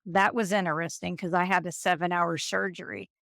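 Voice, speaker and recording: A woman in her fifties talks as an interview guest, drawing on her work as a nurse. Her voice sits on the low side and is recorded close and dry. She tells animated stories and slips into the voices of the people she quotes. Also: a little fast, creaky, no echo. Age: 50s. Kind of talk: storytelling interview.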